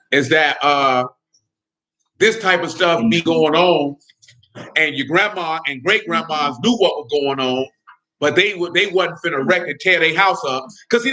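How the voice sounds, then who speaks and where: A man's voice: fairly high pitch, lively intonation, normal speed, bright, forceful tone. A man hosting a podcast, giving heated, blunt and profane casual commentary and often asking if listeners follow him. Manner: blunt, heated, profane, keeps asking "you know what I'm saying". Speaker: podcast host.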